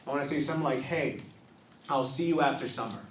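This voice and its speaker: A man's voice: mid-range voice, echoey room, distant mic, slight background noise. A man doing a stand-up comedy set in a small club, telling stories and briefly voicing the people in them. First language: not English. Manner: storytelling, acts out characters in quick bursts. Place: small improv club stage, live audience.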